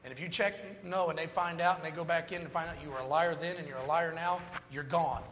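In a sermon, a man tells a funny personal story, hopping animatedly between jokes and moral lessons. His voice is fairly high and fast, with slight background noise and the long reverb of a large hall.

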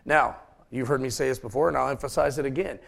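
A man's voice: medium pitch, fast talker, creaky. A man preaching a sermon, joking with his congregation between points. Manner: folksy, joking asides to the congregation. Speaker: pastor.

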